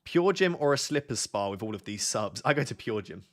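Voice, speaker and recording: A man's voice: fairly low pitch, sing-song, fairly quick. A young man hosting a livestream in casual chat, laid-back and joking, rambling with lots of fillers. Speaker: livestream host. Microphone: on a mic near the camera.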